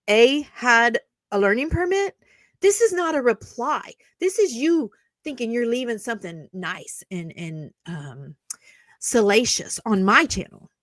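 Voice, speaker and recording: A woman's voice: fairly high pitch, no echo, studio quality. A woman YouTuber ranting back at online commenters, sarcastic and indignant, mocking them at length.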